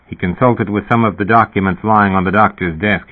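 Through narrow, phone-like sound, a male audiobook narrator reads science fiction a little fast in a fairly low voice, keeping his storytelling steady and even.

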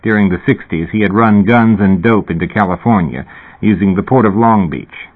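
A man reading a novel aloud in measured, dry scripted narration. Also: fairly low pitch. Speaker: audiobook narrator. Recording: tinny phone-like recording.

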